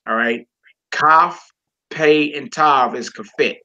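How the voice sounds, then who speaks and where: A man's voice: fairly high pitch, slow pace, sharp tone, dull audio. A man teaching a class from a Hebrew textbook, reading passages aloud and explaining them with casual, folksy asides to the listeners.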